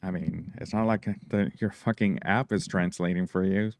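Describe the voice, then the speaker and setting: Deep-voiced joking man on a podcast. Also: steady tone, moderate pace, dry recording. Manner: joking, teasing, swears freely. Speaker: podcast co-host. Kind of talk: casual chat.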